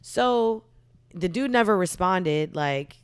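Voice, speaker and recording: A woman's voice: lowish voice, animated, slow, clean tone, no room sound. Chatty young woman, dry close sound. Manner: chatty, supportive interjections, slangy. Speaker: podcast co-host. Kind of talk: casual chat.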